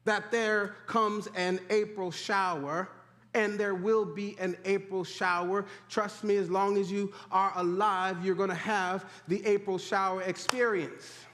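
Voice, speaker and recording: A man preaching a sermon in animated call-and-response style, urging the congregation to repeat after him. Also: sits high, measured pace. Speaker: pastor. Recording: echoey hall.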